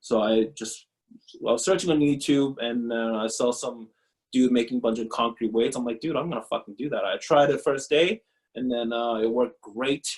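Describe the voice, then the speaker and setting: A man in his thirties, a former pro pitcher, talking bluntly and profanely in a casual interview, often laughing. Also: fairly even intonation, normal speed, darkish tone, low-quality recording.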